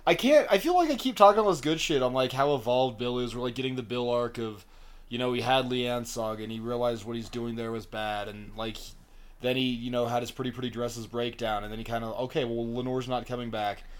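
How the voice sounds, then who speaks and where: A podcast co-host with a mid-range voice talks briskly in casual podcast chat, keeping things crude, jokey and ranty.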